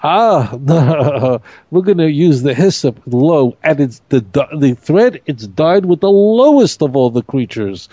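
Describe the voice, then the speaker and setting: A man teaching a Torah study class in an animated, emphatic way, repeating key points and asking rhetorical questions. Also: on the high side, takes it slowly, dry recording, dull audio.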